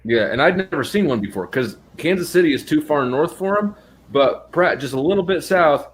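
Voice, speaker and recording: A man's voice: fairly high pitch, lively intonation, normal speed, slight background noise. A man hosting a casual chat, laid-back and profane with a dry sense of humor. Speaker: host.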